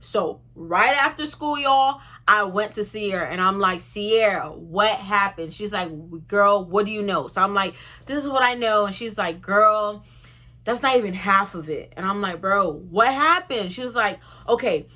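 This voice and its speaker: Chatty, bright-voiced young woman. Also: medium pitch, normal speed. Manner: chatty, animated, addresses viewers as y'all. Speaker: vlogger. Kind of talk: casual storytime vlog.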